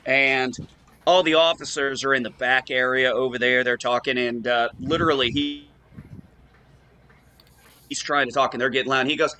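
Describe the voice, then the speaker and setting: A man on a casual online talk show, telling lively anecdotes, acting out the people he quotes and swearing freely. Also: medium pitch, normal speed, long pauses, smooth. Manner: animated anecdote teller, acts out quoted voices, swears casually. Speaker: show co-host. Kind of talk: casual storytelling chat.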